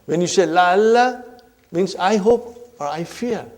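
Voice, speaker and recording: A man lectures on Arabic grammar at an unhurried pace, his voice pitched somewhat high. He repeats each point and keeps asking whether the class is following. He addresses the listeners as brothers and sisters. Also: darkish tone. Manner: repeats points, checks in often with "huh?" and "are you with me".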